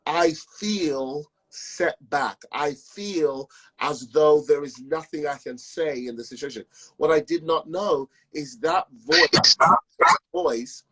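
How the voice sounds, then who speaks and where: Husky man telling a personal story. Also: a little high, slow, sharp tone, low-quality recording. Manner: acts out the dialogue in his story. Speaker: speaker sharing testimony.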